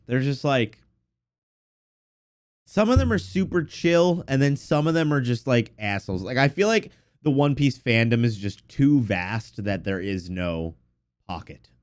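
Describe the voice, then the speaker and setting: A man co-hosting an anime podcast in casual chat, congested from allergies, animated and quick to swear and laugh. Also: mid-range voice, clear, resonant tone. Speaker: podcast co-host.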